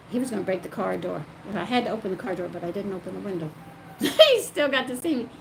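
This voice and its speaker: An older grandmother telling the story of her own life, animated and emotional. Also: medium pitch, fast talker, vocal fry, background noise. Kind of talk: personal storytelling.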